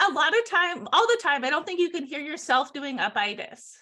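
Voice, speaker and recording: A bubbly, high-pitched woman co-hosting a sales podcast. Her bright, forceful voice bounces with energy, and she breaks into giggles as she talks shop. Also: fairly quick. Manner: bubbly, energetic, giggly, with playful acted-out phone calls. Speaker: podcast co-host and sales trainer. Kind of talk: lively sales podcast chat.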